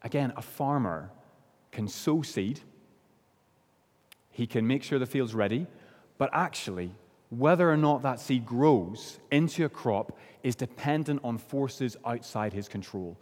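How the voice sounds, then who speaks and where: A man from Northern Ireland preaching a sermon, earnest, slowing and dropping low on key phrases. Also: lively intonation, darkish tone. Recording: long hall reverb.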